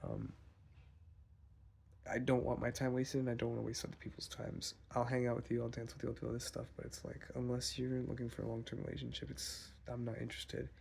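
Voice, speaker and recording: A young man vlogging, telling a rambling, profane story in a casual, animated way. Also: medium pitch, fairly quick, creaky, slight background noise.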